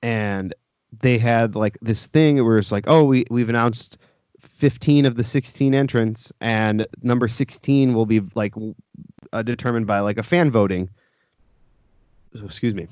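A man's voice: mid-range voice, a little slow, darkish tone, clear, resonant tone, no echo. Laid-back man, dry close sound. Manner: laid-back, hesitant, with filler words. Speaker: professional wrestler. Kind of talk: casual podcast chat.

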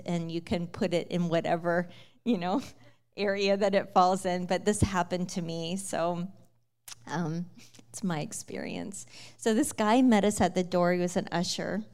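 A woman telling the story of her conversion in a lively, casual way, with many fillers and frequent laughter. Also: lowish voice. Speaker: guest sharing her testimony. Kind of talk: personal testimony storytelling.

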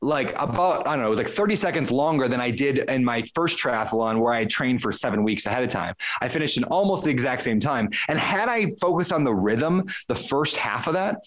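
A man's voice: mid-range voice, expressive, a little fast, few pauses, fairly bright tone. A man, a podcast guest, telling a casual story in conversation, acting out his own thoughts with frequent restarts.

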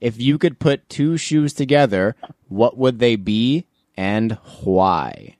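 A man's voice: medium pitch, big pitch swings, takes it slowly, darkish tone, no room sound. Dry-voiced jokey male podcast host. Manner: jokey, laughs often. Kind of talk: casual podcast chat.

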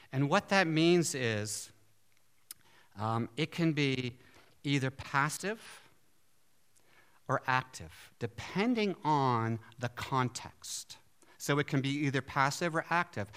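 A man preaching a sermon in an animated way, often asking his listeners questions. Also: mid-range voice, clear, resonant tone. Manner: animated, asks the audience questions.

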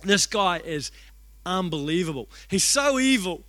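A young man preaches in a high, bright voice. He tells a story with excitable energy and shouts out the lines he quotes. The sound is close and dry. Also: unhurried, dry recording. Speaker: youth pastor. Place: church hall.

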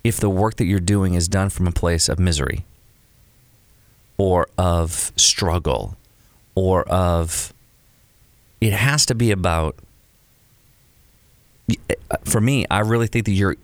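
A man's voice: low voice, a little slow, no room sound. A man co-hosting a casual conversation about creative careers, who talks his points through and acts out examples. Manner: animated, acts out quoted examples. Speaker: podcast co-host.

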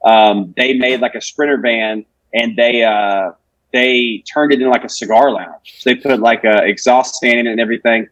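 Twenties man, comedian guest, mid-pitched, profane rambler, dry booth sound. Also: fairly even intonation, moderate pace, fairly bright tone, dry recording, highs cut off. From Alabama, US. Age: 20s. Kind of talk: casual podcast chat.

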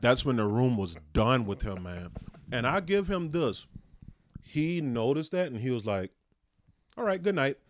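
A man's voice: medium pitch, lively intonation, measured pace, a little hiss or hum. A man co-hosting a comedy podcast, chatting casually with lots of fillers. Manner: laid-back, many fillers and "you know". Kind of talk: casual chat.

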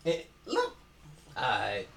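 A man from Brooklyn with a New York accent, co-hosting a casual sports podcast with loud, profane trash talk. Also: mid-range voice, huge pitch swings, very slow, gravelly. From East New York, Brooklyn. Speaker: podcast co-host.

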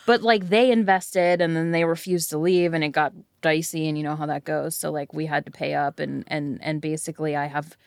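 A woman player speaking in character in a tabletop game, pitching a deal in a halting, rambling way full of fillers. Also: steady tone, gravelly, clear, resonant tone, no room sound, studio quality. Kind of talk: in-character tabletop role-play.

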